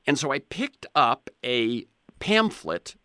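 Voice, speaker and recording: Bright-voiced older male podcast host. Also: mid-range voice, wildly swooping pitch, slow, smooth, no echo, clean studio sound. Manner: rambling storyteller, frequent restarts. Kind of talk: conversational interview.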